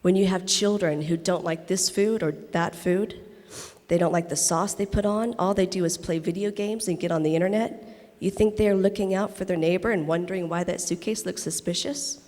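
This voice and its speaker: A woman's voice: lowish voice, steady tone, normal speed, a little mellow, close to an everyday voice. A woman reading a monologue aloud, voicing a blunt, opinionated Israeli woman veteran who lectures with rhetorical questions. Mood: insistent. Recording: reverberant convention hall.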